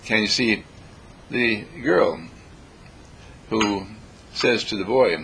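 A man giving a spiritual lecture in an animated way, acting out everyday examples and chanting sounds. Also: on the low side, slow pace, gravelly, long pauses, husky.

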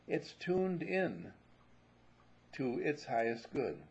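A man's voice: on the high side, very animated, takes it slowly, gravelly, a little mellow, breathy edge, muffled recording. A man giving a spiritual talk, musing and telling stories, and sometimes repeating himself. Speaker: spiritual teacher.

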